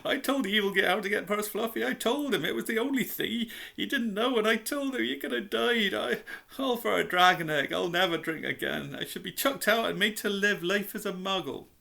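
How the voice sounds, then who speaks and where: A man's voice: high-pitched, brisk, gravelly, sharp tone, pitched above the performer's own voice, exaggerated voice. A man doing a sobbing giant groundskeeper. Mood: grief-stricken. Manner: sobbing, wailing. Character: sobbing huge male groundskeeper, remorseful.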